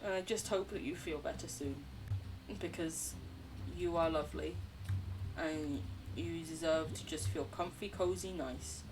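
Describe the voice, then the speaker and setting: A young woman streaming a game, chatting casually and warmly to her chat. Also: deep voice, unhurried, distant mic, background noise. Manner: chatty, bubbly, talks to chat. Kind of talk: casual gameplay commentary.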